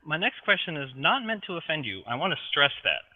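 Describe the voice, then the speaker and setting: A polite, nervous interviewer, played by a man tiptoes around his guest and apologizes quickly. The voice comes through a thin, tinny voice chat line. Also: on the high side, sing-song. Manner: apologetic, eager to please.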